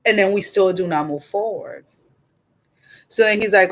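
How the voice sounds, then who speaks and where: The livestreaming card reader in her forties talks at a normal speed in a mid-range voice, pausing often. She's lively and outspoken, with plenty of laughter and offhand swearing.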